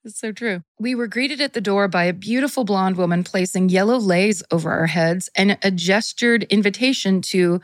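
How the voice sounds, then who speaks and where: A woman's voice: mid-range voice, normal speed, few pauses, no room sound. Chatty woman reading a letter, dry sound. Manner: laughs often while reading, chatty and playful. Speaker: podcast co-host reading listener stories. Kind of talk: casual chat, reading a listener letter aloud.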